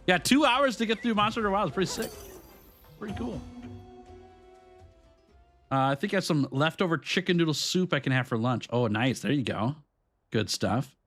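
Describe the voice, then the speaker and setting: A man's voice: on the high side, big pitch swings, normal speed, pauses often, a bit bright. A young man casually chatting with his live-stream viewers while playing, upbeat and chatty, laughing often and greeting people by name. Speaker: streamer host. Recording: game music behind voice.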